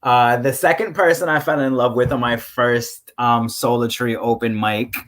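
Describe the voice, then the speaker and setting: A man's voice: mid-range voice, steady tone, normal speed, fairly bright tone. A man with a New York accent co-hosting a virtual poetry open mic, talking in an effusive, hyped way with casual swearing. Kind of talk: casual live-stream hosting.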